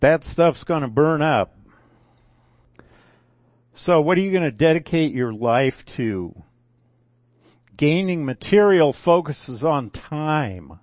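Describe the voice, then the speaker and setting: An older man preaching a conversational sermon, unhurried and folksy, with asides and self-corrections. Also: on the high side, expressive, a little mellow, no echo.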